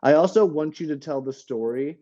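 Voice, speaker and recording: Mellow-voiced man, halting podcast chat. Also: on the high side. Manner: rambling, hesitant, full of fillers and restarts. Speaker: podcast co-host. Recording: dull lo-fi audio.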